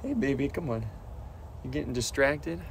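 A man's voice: medium pitch, sing-song, normal speed, vocal fry, slight background noise. Playful man cooing at his pet. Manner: playful, coos in baby talk to his pet. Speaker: vlogger and pet owner. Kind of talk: casual vlog talking to his pet.

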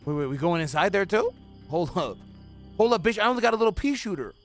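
A young man streaming a video game, giving profane running commentary that swings between low muttering and sudden yelling. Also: big pitch swings, fast, soft background music. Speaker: gaming streamer. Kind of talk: live gameplay commentary.

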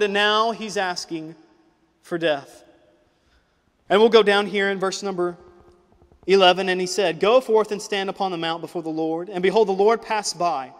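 A young man preaching a sermon, moving from loud, driving exhortation to quiet, emotional personal storytelling. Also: sits high, big-room sound. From United States. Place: church auditorium.

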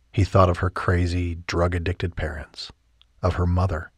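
A man narrating a romance audiobook in a calm, measured and soft manner, on a close studio mic. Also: deep voice, husky, dry recording. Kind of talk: scripted narration.

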